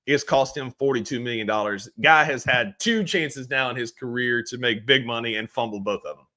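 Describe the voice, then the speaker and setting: A young man co-hosting a podcast in casual chat, an animated storyteller who keeps saying "like". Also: medium pitch, moderate pace. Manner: animated storyteller, repeats "like" often. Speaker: podcast co-host.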